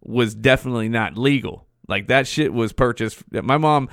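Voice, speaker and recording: A man's voice: medium pitch, moderate pace, vocal fry, dry recording. Male podcast host, forties, loose cursing storyteller, dry mic. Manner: profane, rambling, animated. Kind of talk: casual storytelling.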